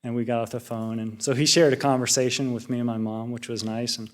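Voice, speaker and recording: A young man talks through a personal story at a relaxed, rambling pace. He is a junior Buddhist monk giving a casual reflection. He often restarts his sentences and fills pauses with small hesitations. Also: medium pitch.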